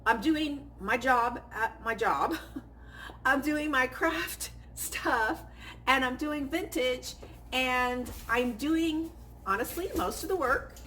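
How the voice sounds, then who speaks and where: A woman's voice: high voice, slow pace, sharp tone, a little hiss or hum. A woman vlogger venting in casual chat, chatty and stressed, acting out quoted exchanges with little laughs. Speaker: vlogger and crafter.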